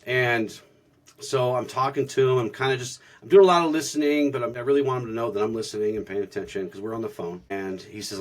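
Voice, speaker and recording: On a spiritual podcast, a male co-host with a medium-pitched voice talks fast. His storytelling is casual yet earnest and reflective, and he keeps stopping to restart sentences.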